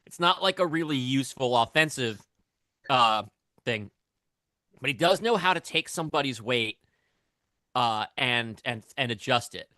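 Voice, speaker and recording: A man takes part in a tabletop game, describing his moves in a rambling, hesitant way. His voice is bright and forward. The sound is dry and close. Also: medium pitch, expressive, normal speed, long pauses, dry recording. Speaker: player. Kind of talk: casual tabletop play.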